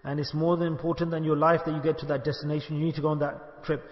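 A sheikh gives a religious talk in a fairly high, flat voice at a quick pace. He speaks rhetorically, posing questions to his listeners and acting out little dialogues. The recording comes from an echoey hall and sounds dull and lo-fi.

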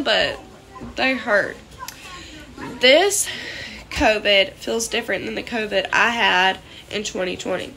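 Sick and congested, a young vlogger rambles to the camera in a scattered, filler-heavy way from her small trailer. Her voice is on the high side, gravelly, and sharp.

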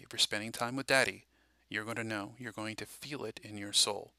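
A man talks through a loose, preachy monologue, eager and rambling, full of fillers. His voice is very bright and keen-edged. The sound is dry and close, as in a small room. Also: on the low side, fairly even intonation, fairly quick, smooth, no echo. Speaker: Christian prophecy video host. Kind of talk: casual monologue.

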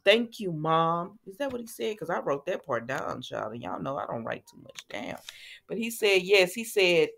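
A woman hosting a soap opera recap, retelling scenes in a chatty, animated way with asides to her viewers. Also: lowish voice, gravelly. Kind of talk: casual chat.

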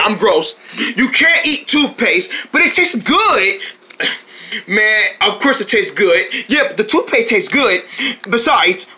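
A performer playing several characters in a playful comedy skit, switching quickly between them and breaking into shouts. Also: medium pitch.

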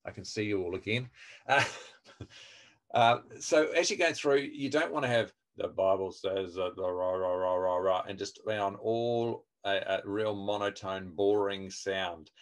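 A man training a group over a video call, talking in a friendly, chatty way with many fillers and restarts. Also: lowish voice. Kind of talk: online webinar teaching. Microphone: video call microphone.

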